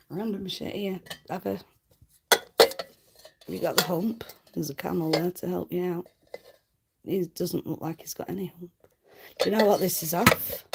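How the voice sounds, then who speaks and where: A woman's voice: lowish voice, gravelly, heavy background noise. A woman hosting a casual livestream, chatting cheekily with viewers and laughing often. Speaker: livestream host.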